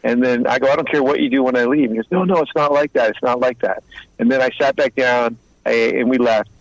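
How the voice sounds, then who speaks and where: A man's voice: mid-range voice, level tone, brisk, no room sound, dull audio. A man in his fifties, a guest telling blunt streetwise stories in a casual interview and acting out both sides of the talk. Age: 50s. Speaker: guest, former mobster turned informant and author.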